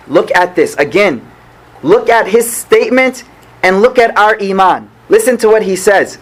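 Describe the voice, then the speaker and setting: Male preacher with a high voice and an American accent, earnest storytelling lesson. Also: low-quality recording. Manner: earnest storytelling, repeats phrases for emphasis. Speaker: imam. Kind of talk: sermon lesson.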